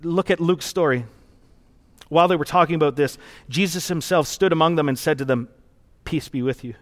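A man's voice: fairly high pitch, fairly quick. A man preaching a sermon as pastor, in an earnest, conversational and reflective storytelling manner.

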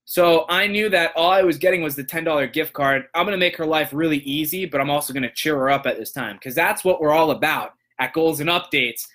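A young man hosting a show, casually telling a long story and acting out the people in it with lively voices. His voice is bright and a little high for a man. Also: brisk, few pauses. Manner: animated, acts out voices in quotes. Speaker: podcast host, motivational speaker.

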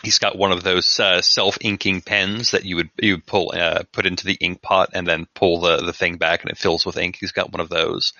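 A man, a player in a tabletop game, describing his character's actions in a halting way with frequent restarts. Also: sits low, flat delivery, bright, forceful tone, dry recording, muffled recording.

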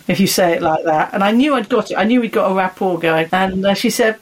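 A woman's voice: mid-range voice, fast talker, rough recording. A woman, a guest archaeologist and lecturer, telling stories in conversation and acting out the dialogue. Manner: animated, acts out dialogue in her stories. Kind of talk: conversational storytelling.

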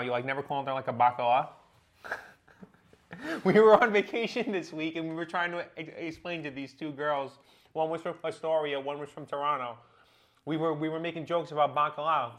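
Young man rambling and swearing, a bit high. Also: fairly bright tone. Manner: rambling, filler-heavy, swears, laughs. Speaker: podcast host. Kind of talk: casual comedic storytelling.

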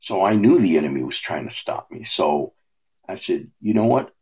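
Deep husky guy telling a personal story, lots of fillers and restarts. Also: lively intonation, moderate pace, darkish tone. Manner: rambling, with many fillers and restarts. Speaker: guest sharing a personal testimony.

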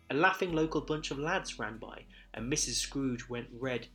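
A man narrating a Christmas story in verse with a measured, rhythmic delivery. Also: mid-range voice, a bit bright, faint music behind.

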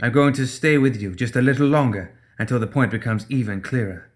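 A man reading the part of a ruthless female gang enforcer who speaks quietly, coldly and with firm determination. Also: mid-range voice, brisk, natural voice. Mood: cold menace.

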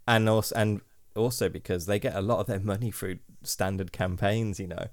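Low-voiced man in dry casual chat. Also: fairly even intonation, brisk, no echo. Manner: rambling, swears, laughs often. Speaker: podcast co-host. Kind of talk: casual chat about films.

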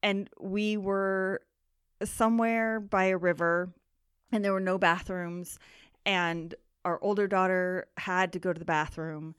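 A woman's voice: on the low side, fairly even intonation, a little slow, clean tone, dry recording. A woman in her thirties, co-hosting a podcast in casual chat, often laughing as she tells family stories close to the mic. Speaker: podcast co-host.

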